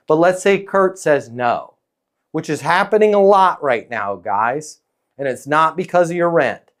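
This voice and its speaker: Man, leasing sales trainer, casual coaching talk, calm non-pushy tone, slightly higher voice, frequent check-in questions. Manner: coaching, peppered with "okay?" and "right?" tags.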